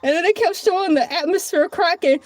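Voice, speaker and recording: A woman's voice: very high voice, a little fast, very noisy. A woman hosting a casual livestream, chatty and playful, who laughs often and drifts from one topic to the next. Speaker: livestream host.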